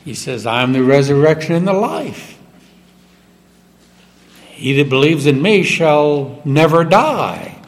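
A man preaches a sermon in a church sanctuary, his somewhat high voice swinging widely in pitch and leaning hard into every verse he quotes. He speaks slowly with long pauses, and a long reverb follows his words.

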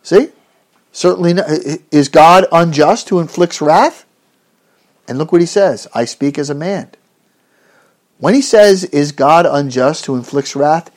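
Preacher guy, highish voice, earnest and emphatic, keeps asking questions and restarting lines. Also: a little slow. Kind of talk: expository sermon.

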